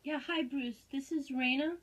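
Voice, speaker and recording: High-voiced defensive woman on a call. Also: steady tone, normal speed, rough recording. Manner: defensive, sarcastic, long rambling explanations. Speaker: caller and neighbour in a dispute. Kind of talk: tense phone call.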